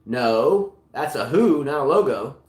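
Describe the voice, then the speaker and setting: A man's voice: medium pitch, lively intonation, unhurried, echoey room. A man hosting a live-stream tennis quiz in a casual, joking way, often repeating himself in a hurry.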